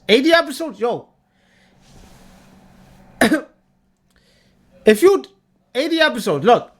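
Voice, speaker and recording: Give me a young adult livestreamer ranting emphatically to chat, with a lively, bouncing delivery. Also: medium pitch. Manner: repetitive, emphatic, swears a lot. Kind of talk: ranting tier-list commentary.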